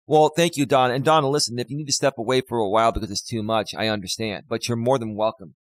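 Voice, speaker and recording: A man's voice: mid-range voice, steady tone, quick pace, few pauses, dry recording, clean studio sound. A man, a life coach, talking on a live stream in an impassioned, preachy way that repeats points.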